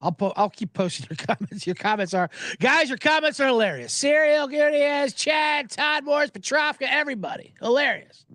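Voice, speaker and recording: A man's voice: very high-pitched, animated, brisk, pushed and bright, no room sound. A man hosting a sports betting show, talking in a loose, joking, profane ramble full of asides. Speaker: sports betting podcast host. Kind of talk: casual rambling commentary.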